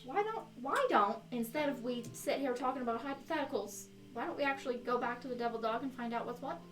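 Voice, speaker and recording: A woman chatting casually at a tabletop game in a brisk, practical way. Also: fairly high pitch, roomy sound, far from the mic, over music.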